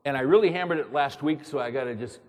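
A man's voice: mid-range voice, quick pace, a little mellow. A man preaching as a pastor, emphatic and repetitive, pressing his listeners with rhetorical questions. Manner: emphatic, repeats words, fires rhetorical questions. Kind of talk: sermon. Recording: long reverb of a large hall.

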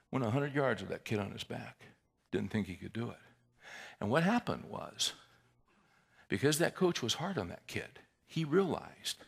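A man's voice: on the low side, creaky, slightly rough. Man preaching a story-driven sermon. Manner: storytelling, builds to loud intense climaxes. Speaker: pastor.

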